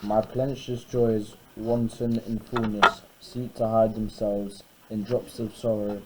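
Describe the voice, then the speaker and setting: A male student reading the lines of an aging, grateful king aloud in class, slowly and haltingly, with small slips. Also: lowish voice, little pitch movement. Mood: solemn. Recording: noisy classroom recording.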